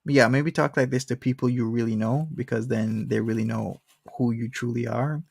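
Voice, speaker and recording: A man's voice: mid-range voice, fairly even intonation, normal speed, creaky, darkish tone, slightly rough, no room sound, studio quality. A man hosting a casual commentary stream, explaining his views steadily.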